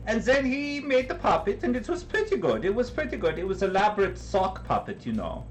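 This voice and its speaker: A man's voice: sits high, big pitch swings, brisk, few pauses, soft background music, rough recording. A man streaming live from his kitchen while crafting, chatting in a rambling, joking way. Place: home kitchen.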